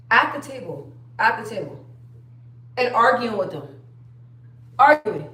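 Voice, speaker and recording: A young woman talks casually on a livestream, telling a long story and reading viewer comments as they come in. Her voice sits a bit high. She sounds set back from the mic, and the room echoes around her. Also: big pitch swings, measured pace, long pauses, sharp tone. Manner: chatty storytelling, reads viewer comments aloud. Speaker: livestream host. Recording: roomy sound, distant from the mic.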